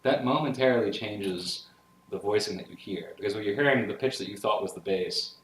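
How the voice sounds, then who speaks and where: A man with a fairly low-pitched voice lectures on music theory a little fast, with a slight hiss or hum on the recording. He explains each passage step by step with solfege syllables and checks enthusiastically with listeners, energetic about the music. The sound is roomy and echoey, with clear piano playing behind him.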